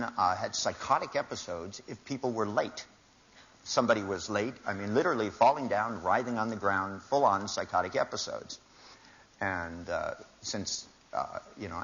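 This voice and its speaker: An older man with a lowish, fairly bright voice gives a seminar talk before a live audience in a large hall, telling wry anecdotes and acting out the dialogue in shifting voices. The live recording is dull and lo-fi.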